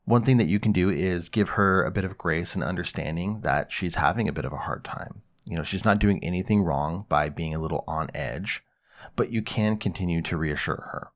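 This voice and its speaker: A man hosting an advice podcast, calmly explaining and acting out example conversations. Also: sits low, a little fast. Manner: calm, explanatory, acts out example dialogue. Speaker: podcast host, psychologist.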